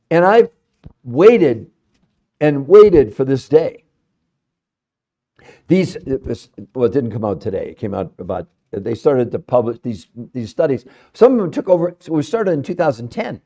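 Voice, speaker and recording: A middle-aged man hosting a live stream, speaking fiercely and insistently, sometimes dropping into quiet asides. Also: high-pitched. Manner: fiery and insistent, often trailing off into quiet asides. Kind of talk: energetic live-stream pitch. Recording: dull lo-fi live-stream audio.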